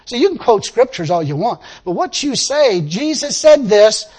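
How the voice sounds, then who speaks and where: A man preaching a lively sermon to a responding congregation, laughing often and acting out the people he quotes. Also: sits high, moderate pace, slightly rough. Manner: animated, laughing, acts out quotes. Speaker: pastor.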